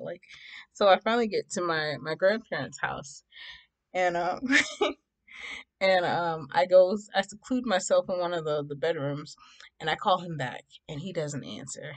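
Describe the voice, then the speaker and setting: A young woman telling a story to camera in a chatty, animated way, acting out what people said and laughing along. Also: on the low side, normal speed. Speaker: vlogger. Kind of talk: casual storytime.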